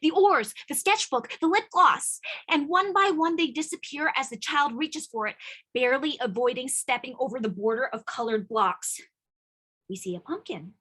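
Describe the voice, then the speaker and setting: A woman narrating the stage directions of a play reading. Her voice is bright and high, and her pitch moves about a lot. She reads in an expressive, playful way. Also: normal speed, breathy edge, poor audio.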